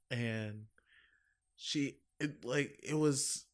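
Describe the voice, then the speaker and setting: A man chatting casually on a podcast, rambling and profane, laughing loudly and mimicking others in high exaggerated tones. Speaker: podcast co-host. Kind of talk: casual chat.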